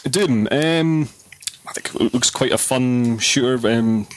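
A man's voice: mid-range voice, slow, slight background noise. A man co-hosting a casual gaming chat, rambling and filling his talk with "like". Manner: rambling, lots of "like".

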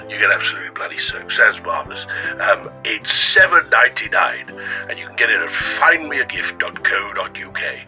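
A man doing a deep sarcastic Santa. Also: sharp tone. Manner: dry, sarcastic, swearing asides. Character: grumpy middle-aged Santa, cheerfully sarcastic. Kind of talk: comic radio sketch.

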